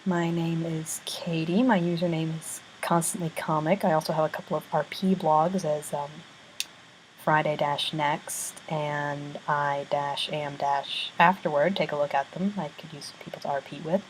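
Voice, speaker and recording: A woman from North Carolina on her webcam, casually reading a list of words aloud in an unhurried, slightly hesitant way. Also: deep voice, fairly even intonation, a little hiss or hum, low-quality recording. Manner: unhurried, slightly hesitant, careful word-by-word pronunciation. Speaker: vlogger.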